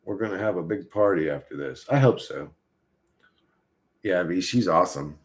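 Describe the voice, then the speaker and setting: A man's voice: sits low, expressive, moderate pace. A man hosting a casual livestream, rambling and swearing as he talks to his chat and to his dog. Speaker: livestream host.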